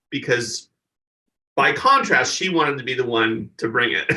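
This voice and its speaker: A man's voice: mid-range voice, animated, unhurried, pushed and bright, far from the mic, poor audio. A male stand-up comedian, a podcast guest, animatedly telling an anecdote and acting out other people's voices.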